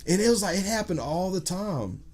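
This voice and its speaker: Profane, animated man. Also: sits high, brisk. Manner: profane, animated storyteller acting out quotes. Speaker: podcast guest. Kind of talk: casual storytelling chat.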